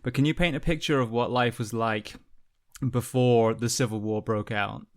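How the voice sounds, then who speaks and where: Male podcast host, mid-pitched, earnest and emphatic, filler-heavy delivery. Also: steady tone, moderate pace. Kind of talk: podcast intro and interview.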